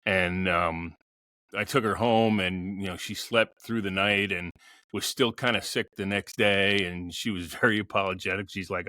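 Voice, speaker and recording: A middle-aged man speaks as a podcast guest, recounting a personal story candidly and with wry humor. His voice is low-ish yet bright and forceful. The sound is dry and close to the mic. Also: steady tone, normal speed, no echo. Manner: candid, wry, laughs while telling.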